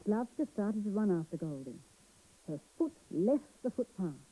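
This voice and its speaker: A woman reads a story to young children in a gentle, expressive way. Her voice is dark and husky, and her tone swoops up and down with lively energy. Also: mid-range voice, normal speed, rough recording. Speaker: children's TV presenter.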